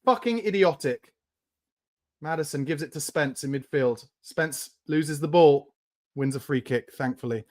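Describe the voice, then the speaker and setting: A man's voice: on the high side, measured pace. Angry swearing man reacting to a match. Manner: angry, swearing, shouts in bursts. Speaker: fan watchalong host. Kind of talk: live match reaction and commentary.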